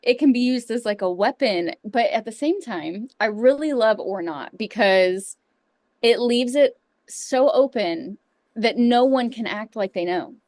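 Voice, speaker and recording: A woman's voice: a little high, expressive, a little slow, a little mellow, dry recording. A woman co-hosting a casual chat who gushes enthusiastically about the designs. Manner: gushing, enthusiastic. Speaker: co-host.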